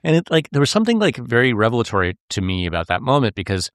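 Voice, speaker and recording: A man, a reporter, talking in an interview in an earnest, halting way, often restarting his sentences. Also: medium pitch, very animated, clear, resonant tone, no room sound, studio quality. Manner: earnest, halting, with frequent restarts and filler words. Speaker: reporter and podcast co-host, interview guest. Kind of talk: conversational interview.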